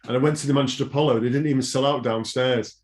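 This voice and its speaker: A man, guest drummer, telling relaxed backstage anecdotes. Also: medium pitch, rapid-fire. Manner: laid-back anecdotal storyteller. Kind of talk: casual chat.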